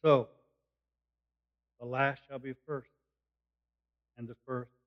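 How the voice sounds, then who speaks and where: A man's voice: medium pitch, flat delivery, slow. A man preaching a sermon, explaining a passage verse by verse in plain, conversational words. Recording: dull lo-fi recording.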